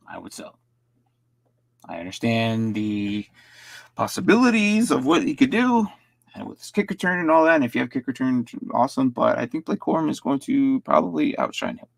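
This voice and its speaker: A man's voice: on the low side, creaky, no room sound. A man casually reviewing fantasy football rosters on a live stream, rambling and often stumbling over and repeating his words.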